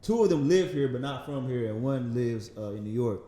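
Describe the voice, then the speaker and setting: A man in his thirties with a light Southern accent, a podcast guest talking in a relaxed, rambling way, often laughing and saying "man". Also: medium pitch, fairly quick, roomy sound. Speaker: magazine founder, podcast guest. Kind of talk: casual interview conversation. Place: podcast studio.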